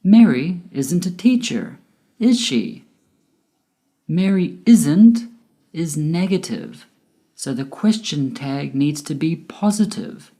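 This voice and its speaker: A woman teaching an English grammar lesson from a script, slow and deliberate, with exaggerated rising and falling intonation on her examples. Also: low voice, animated, dark tone.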